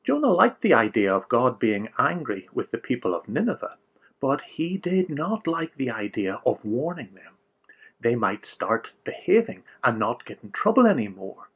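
Male kids' storyteller, playful and exaggerated. Husky, lively pitch. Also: moderate pace, muffled recording. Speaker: children's storyteller. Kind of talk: storytelling for children.

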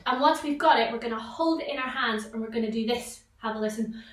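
Bright-voiced woman leading a vocal warm-up. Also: fairly high pitch, fast, distant mic. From Scotland. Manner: encouraging, leads sound games with sudden loud exclamations. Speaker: vocal tutor for children. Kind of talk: online vocal warm-up lesson. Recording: echoey room, voice a little off-mic.

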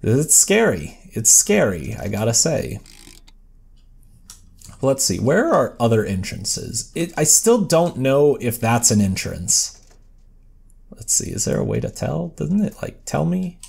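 A man's voice: medium pitch, big pitch swings, a little slow, vocal fry, a little mellow, breathy edge. A man giving casual, rambling gameplay commentary as a let's play host, self-deprecating and chatting to the characters on screen.

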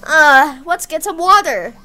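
A woman's voice: sits high, expressive, a little slow, sharp tone. A woman co-hosting a casual gameplay chat, playful and repeating herself. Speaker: gaming channel co-host.

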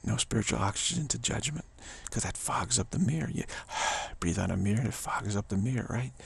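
A man's voice: fairly low pitch, lively intonation, brisk, gravelly, breathy edge. A man giving an informal spiritual talk in his own video studio, emphatic and repetitive, often chuckling. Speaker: spiritual teacher.

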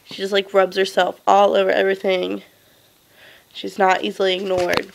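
A young woman from the South with a Southern US accent, chatting to camera in a casual daily vlog and telling stories in an animated way. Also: medium pitch, moderate pace, creaky, rough recording. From Southern United States. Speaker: vlogger.

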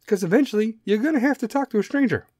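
A man's voice: sits high, animated, fast talker, darkish tone, no room sound, studio quality. A middle-aged man hosting a solo podcast, ranting casually with lots of swearing and wandering off on tangents. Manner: profane, rambling, goes off on tangents. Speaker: podcast host.

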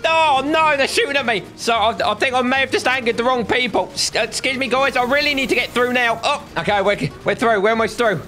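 High-voiced guy doing silly taxi driver bits over game music, yelps a lot. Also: a little fast, few pauses. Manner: excitable, playful, frequent yelps and exclamations. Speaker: narrator and lead voice. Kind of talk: comedic game roleplay voiceover.

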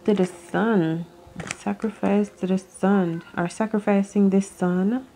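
A woman's voice: mid-range voice, fairly even intonation, takes it slowly, dark tone. A woman doing an unscripted tarot reading to camera, musing aloud, rambling and swearing as she goes. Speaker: tarot reader.

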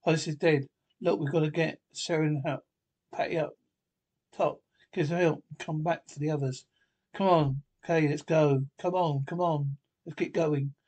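Man, high voice, husky, urgent script reading, does all the characters himself. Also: steady tone, normal speed, darkish tone. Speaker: script reader.

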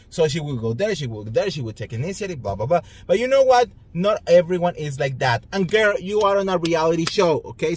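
Sassy man ranting about reality TV. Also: mid-range voice. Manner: sassy, animated, talks straight to viewers. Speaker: reality TV commentary vlogger. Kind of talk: casual ranting commentary.

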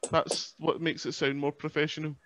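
A man's voice: a little high, little pitch movement, normal speed, fairly bright tone, no room sound, highs cut off. A man, a podcast guest on a remote call, chatting in a self-deprecating way and laughing often. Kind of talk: casual podcast chat.

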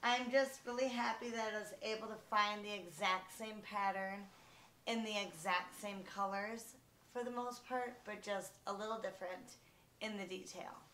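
A woman vlogger giving an unhurried, casual show-and-tell from her bedroom at home, with many ums and restarts. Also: medium pitch, fairly even intonation, fairly bright tone, echoey room.

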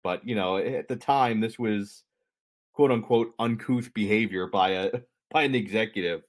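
A man with a slightly low voice talks through a story on a podcast. He keeps it conversational and drops in jokey asides for his co-host. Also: moderate pace.

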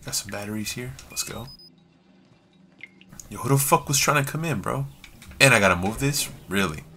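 A man doing let's play commentary on a horror game, swearing constantly in slang and yelling when he panics. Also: medium pitch, expressive, moderate pace, slight background noise. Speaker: gamer playing a horror game.

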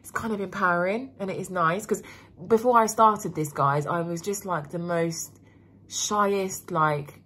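A woman's voice: on the low side, a bit bright, breathy edge. A young woman, rambling candidly in a casual vlog, full of fillers and swearing. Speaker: vlogger.

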